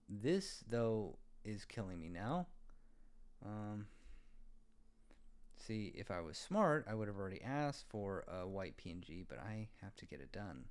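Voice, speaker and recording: A man's voice: fairly low pitch, darkish tone, clear, resonant tone. A man thinking aloud and muttering to himself as he designs a web page in a casual screen-recording tutorial.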